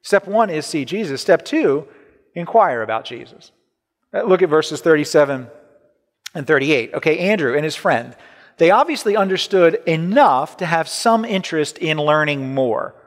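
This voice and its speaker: Lively preacher in a big echoing hall. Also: male voice, a little high, normal speed. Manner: conversational preaching, repeats words, asks "right?". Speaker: pastor. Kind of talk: sermon.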